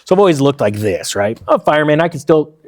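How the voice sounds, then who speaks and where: A man's voice: a little high, quick pace. A man in his forties, a former firefighter, telling stories in a casual interview and acting out the dialogue. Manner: animated storyteller, acts out quoted dialogue.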